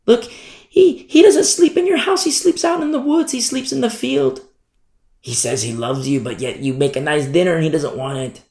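A man voicing a glib, mocking false preacher in a high, sing-song tone. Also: sing-song, moderate pace, darkish tone. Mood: scoffing. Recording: roomy echo.

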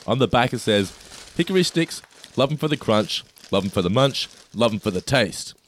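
A man's voice: mid-range voice, expressive, normal speed, a little hiss or hum. A man, co-hosting a casual snack taste test and describing each food with enthusiasm. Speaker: co-host.

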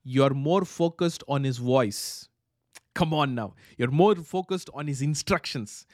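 A man's voice: medium pitch, a little slow, darkish tone, dry recording, clean studio sound. A man preaching a charismatic sermon, leading prayer with fervent repetition and breaking into speaking in tongues.

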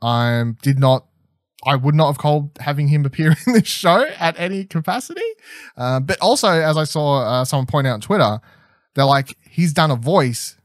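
A man's voice: on the high side, lively intonation, moderate pace, no echo. Chatty, enthusiastic man in a dry room. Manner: enthusiastic, rambling, lots of fillers and restarts. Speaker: podcast co-host reviewing a TV episode. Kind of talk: casual chat.

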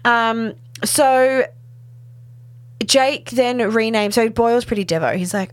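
A woman, recapping a TV episode in casual chat, full of "like" and "um" and quick laughs. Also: on the high side. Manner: chatty, filler-heavy with frequent "like" and "um", laughs often. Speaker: podcast co-host.

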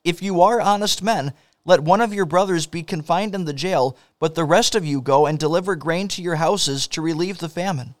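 Stern powerful governor laying down orders, a bit high-voiced, dry close sound, read out plainly by a man from a scripture story. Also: normal speed, dry recording, natural voice.

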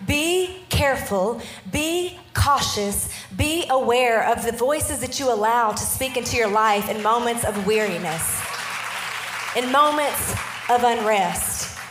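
A woman in her thirties giving a storytelling sermon, animated and often checking in with her listeners. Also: a little high, unhurried, reverberant, crowd noise, background noise. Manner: animated, keeps checking in with the audience. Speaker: preacher.

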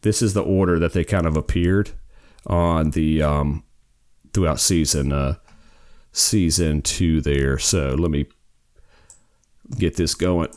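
Podcast host, man, deep voice, loose rambling delivery. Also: fairly even intonation, takes it slowly, pauses often, a little mellow, clear, resonant tone. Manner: rambling, self-correcting storyteller. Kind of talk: casual podcast chat.

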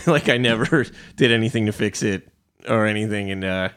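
A man's voice: on the low side, fairly quick, a bit bright, clean tone. A man hosting a casual podcast, telling rambling stories and swearing freely. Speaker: podcast host. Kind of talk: casual chat.

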